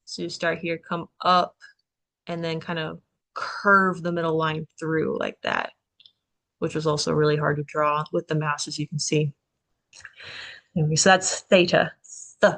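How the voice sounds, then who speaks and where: A woman's voice: low voice, little pitch movement, measured pace, gravelly, pauses often, fairly bright tone. A woman tutoring students through a recorded alphabet lesson, chatty and upbeat, walking through each stroke step by step.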